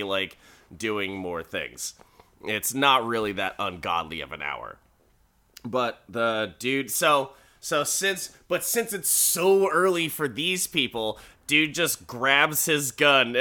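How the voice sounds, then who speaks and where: A man's voice: on the high side, bright, forceful tone. A man casually recapping a show, rambling and swearing, laughing often and acting out characters' lines. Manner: rambling, profane, laughing, acts out quotes.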